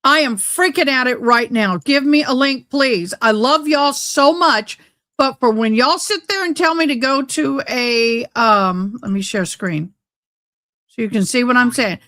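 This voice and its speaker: A woman on the high side of pitch, with a fairly bright tone and unhurried delivery, hosts a casual YouTube livestream. She rants in agitated bursts, speaking into a close desk mic in a home room where sunlight streams through the window.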